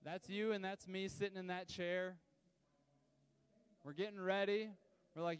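A high-voiced male pastor preaches to his congregation in a loose, conversational way, tossing asides to the room. His tone is smooth and resonant. The sound carries a long reverb from the church hall. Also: fairly even intonation, a little slow, pauses often. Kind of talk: sermon. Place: church hall, live service.

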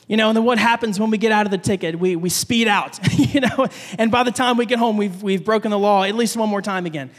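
A young adult man, a pastor, preaching a conversational sermon in a church, telling a personal story with animated delivery and acting out his own panicked thoughts. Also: high voice, fast talker, few pauses. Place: church sanctuary. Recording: long hall reverb.

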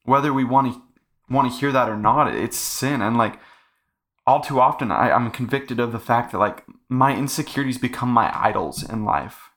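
A man's voice: mid-range voice, normal speed, a bit bright. A young man hosting a casual faith podcast, talking earnestly in a rambling way full of fillers. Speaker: podcast host.

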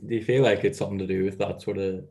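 A man's voice: low-pitched, fairly even intonation, rapid-fire, a little mellow. A man with a Northern Irish accent, interviewing casually and asking loose questions with hesitant restarts. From Northern Ireland.

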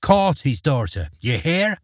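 A man voicing a sharp-tongued middle-aged landlady in a storybook reading, in a raised, fussy voice. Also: sits low, big pitch swings, unhurried, no room sound, clean studio sound, pitched above the performer's own voice, exaggerated voice. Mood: tart. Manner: tart, correcting, fussy.

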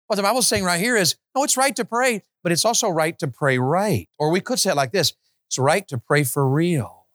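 A man preaching a sermon, peppering the congregation with rhetorical questions and swinging from loud, high exclamations to low, quiet stretches. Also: lively intonation, fairly quick, no echo, studio quality.

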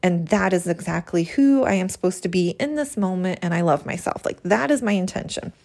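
A woman's voice: fairly low pitch, animated, brisk, a little mellow. A woman hosting a spiritual podcast, speaking in an earnest, reflective way as she reads a healing prayer from her journal. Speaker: podcast host.

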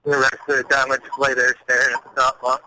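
A truck driver calls in to a talk show. He speaks in a very bright, sharp-edged voice, laid-back and dry, pausing on fillers. There is faint noise behind him. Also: mid-range voice, monotone, low-quality recording. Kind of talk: casual phone-in chat.

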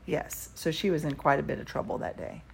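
This is a middle-aged woman, deep-set and husky. She co-hosts a casual talk and tells stories with lively, animated timing. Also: a little fast. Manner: animated storyteller, laughs through punchlines. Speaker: co-host. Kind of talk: casual chat.

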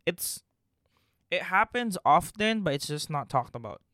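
A man's voice: high voice, very animated, a little slow, bright, forceful tone, no echo, studio quality. A young man from the Philippines with a slight Filipino accent, co-hosting a casual podcast chat, joking and swearing freely. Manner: joking, swearing, laughs often. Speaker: podcast co-host.

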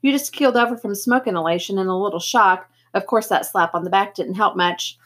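A woman doing a kind, calming grown man. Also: medium pitch, a little fast, close to an everyday voice. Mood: reassuring. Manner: gentle, reassuring, occasional slips. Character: kindly adult man, calm and reassuring. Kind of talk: reading a novel aloud.

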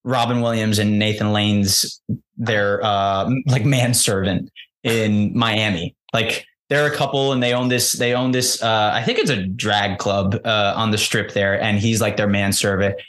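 A man being interviewed as an actor, chatting casually in an animated, self-deprecating way, with frequent laughs and restarts. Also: fairly low pitch, a little slow. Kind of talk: casual chat.

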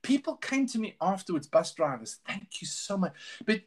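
A middle-aged man speaking as a guest in a relaxed interview, his voice sitting a little high for a man. He talks earnestly and openly, stumbling and restarting as he goes. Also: normal speed. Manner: earnest, candid, with many restarts. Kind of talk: casual interview storytelling.

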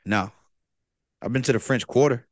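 A man co-hosting a casual, crude comedy chat, deadpan and absurd, his sentences often fading quietly. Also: medium pitch, moderate pace, no room sound. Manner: deadpan, absurd asides, trailing quiet endings.

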